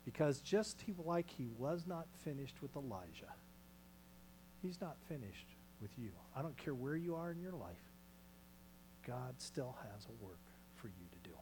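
A male pastor preaching a sermon in a small church, moving between loud calls and hushed near-whispers. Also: medium pitch, sing-song, moderate pace, noisy background.

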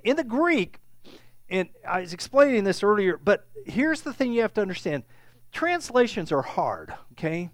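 A man's voice: high-pitched, dry recording. A man preaching a sermon, teaching in a conversational way with frequent "okay?" check-ins, and growing emphatic and raised when he stresses a point. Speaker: pastor.

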